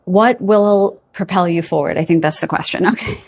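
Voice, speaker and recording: A woman's voice: on the low side, moderate pace, vocal fry, darkish tone. A middle-aged woman giving a pick-a-card tarot reading to her viewers, chatty and rambling, often losing her train of thought, openly affectionate to her audience.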